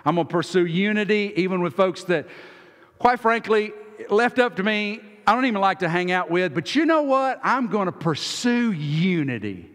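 A man preaching a sermon as pastor, folksy, acting out quoted voices and swinging from loud to soft. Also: high voice, lively intonation, moderate pace. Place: church sanctuary. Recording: long hall reverb.

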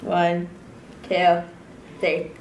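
A woman's voice: on the low side, completely flat delivery, very slow, highs cut off, noisy background. A young woman hosting a casual challenge video, playful and bold, swearing freely. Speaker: channel host. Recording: echoey room, from off-mic.

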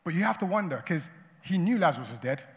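A man's voice: a little high, big pitch swings, fast talker. Conversational male pastor in a reverberant hall. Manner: conversational, often adds "right?" and "you know". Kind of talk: sermon.

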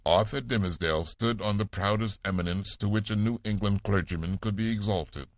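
A man narrating a classic novel summary in a measured, formal audiobook manner. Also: lowish voice, dry recording.

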